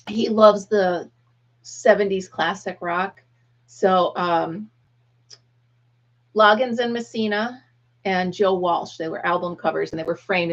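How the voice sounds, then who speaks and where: The recording is muffled as a middle-aged woman with a medium-pitched voice hosts a live stream. Chatting casually with viewers, she tells a story and acts out the quotes of the people involved.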